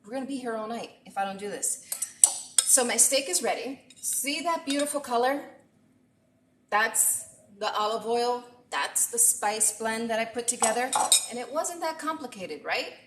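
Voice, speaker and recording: A woman's voice: a little high, expressive, moderate pace, background noise. A middle-aged woman chef talking through a live-streamed cooking session, chatty and talkative. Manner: talkative, chatty, thanks viewers often. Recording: echoey room.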